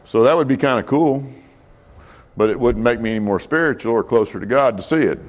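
A man leads a Bible study lesson in a loose, talky manner. He stops to correct himself, fills pauses and asks the class questions as he goes. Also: mid-range voice. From United States. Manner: conversational, many fillers and self-corrections, asks the class questions. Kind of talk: casual Bible class lecture.

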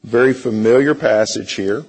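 A middle-aged man teaching a church Bible class, halting, with many fillers and frequent throat clearing. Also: mid-range voice, darkish tone, poor audio.

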